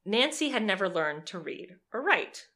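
A young woman co-hosting a podcast, telling a true crime story in a lively, sarcastic way and swearing freely. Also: mid-range voice, moderate pace. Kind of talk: casual storytelling chat.

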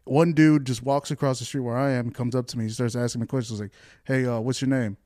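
A man's voice: mid-range voice, quick pace, dry recording. Male co-host, casual story-telling chat, swears a lot, mid voice, dry mic. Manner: profane, animated storyteller.

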